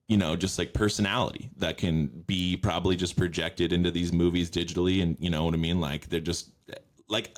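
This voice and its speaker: A man hosting a podcast in casual, rambling, profane chat full of fillers. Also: sits low. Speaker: podcast host.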